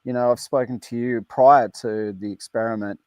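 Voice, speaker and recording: A man's voice: medium pitch, steady tone, moderate pace, darkish tone, no echo. An Australian man calling in to a live stream show, talking in a friendly, easygoing way. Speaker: guest caller. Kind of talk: casual call-in chat.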